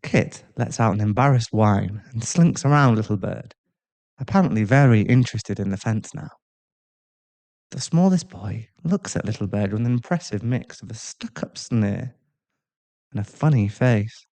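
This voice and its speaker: A man narrating an audio role-play story in a calm, even way. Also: on the low side, normal speed, gravelly.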